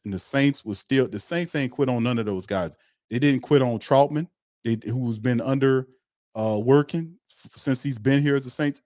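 A man's voice: mid-range voice, darkish tone, dry recording, studio quality. A man hosting a sports podcast, giving blunt, fired-up opinion commentary, repeating his points and laughing between remarks.

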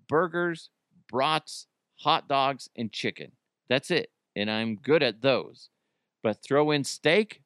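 A man's voice: fairly low pitch, a bit bright, no room sound, clean studio sound. A man in his thirties hosting a casual solo podcast, rambling and joking, cursing freely and laughing at his own jokes. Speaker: podcast host.

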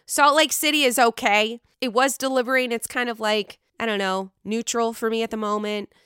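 A woman with a Pittsburgh accent gushes and swears her way through a casual podcast chat. She is sick, so her voice sits lower than normal, yet it stays bright and smooth. The recording is close and dry. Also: moderate pace, no room sound. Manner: excitable, profane, chatty. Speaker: podcast host.

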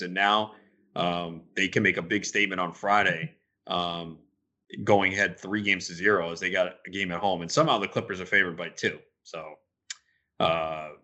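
A man hosting a sports betting podcast, talking in an opinionated, rambling way that gets animated when he's riled up. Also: lowish voice. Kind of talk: casual podcast talk.

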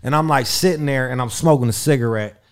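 Man, middle-pitched voice, casual podcast storytelling, swears a lot, rambling, animated comic delivery. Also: fast. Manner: profane, rambling, lots of fillers.

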